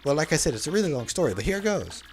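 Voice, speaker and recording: A man's voice: fairly high pitch, very animated, rapid-fire, soft background music. Man doing Luigi as a slangy brother. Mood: storytelling. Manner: casual slangy storytelling, says bro a lot. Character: laid-back young male hero's brother telling a story.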